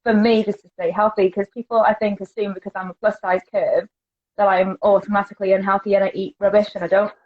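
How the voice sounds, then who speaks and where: A woman's voice: mid-range voice, little pitch movement, fast. Chatty woman, lo-fi sound. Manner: chatty, laughs often, candid. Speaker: curve model, guest. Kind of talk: casual podcast chat. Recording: dull lo-fi sound.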